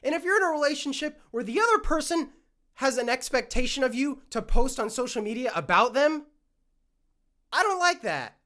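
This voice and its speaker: A young man vents alone into his podcast mic, worked up and swearing as he goes. His throat is scratchy, giving the rant a rough edge. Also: very high voice, sing-song, normal speed, pushed and bright. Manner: worked-up, ranting, swears often. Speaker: podcast host. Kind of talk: solo ranting monologue.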